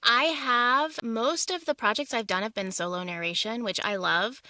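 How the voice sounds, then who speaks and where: A woman's voice: a little high, normal speed, pushed and bright, dry recording. A woman audiobook narrator talking as a podcast guest in a frank, upbeat, encouraging way. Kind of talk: candid interview talk.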